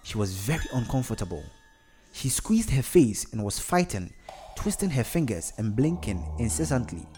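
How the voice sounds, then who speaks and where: Narrator: man, mid-pitched voice, steady scripted storytelling, faint background music. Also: moderate pace.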